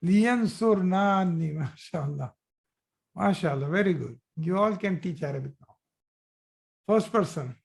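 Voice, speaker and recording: A man leads a live online grammar class at an unhurried, deliberate pace, stretching out words as he drills forms. He is patient and encouraging, praising his students after almost every answer. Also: high voice, animated, vocal fry. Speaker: Arabic grammar teacher.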